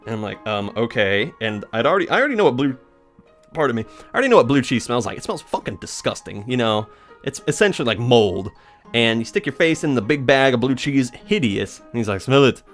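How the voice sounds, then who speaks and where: A young man talks over his gameplay in a loose, rambling way, telling jokey stories as he goes. His voice has a medium pitch that moves around in a lively way, and faint music plays behind him. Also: quick pace. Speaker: let's play gamer. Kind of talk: casual gameplay commentary.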